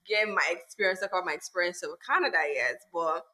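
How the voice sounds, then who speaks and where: A woman co-hosting a podcast, reacting excitedly in casual chat and laughing often. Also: lowish voice, fast talker. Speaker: podcast co-host. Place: shared room, all recorded together.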